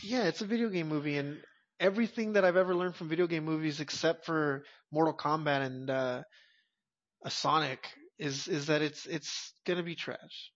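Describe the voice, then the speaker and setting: This fairly high-pitched man speaks at a moderate pace while co-hosting a movie podcast. He talks bluntly and emphatically in casual chat, swearing often, and the audio is dull and lo-fi.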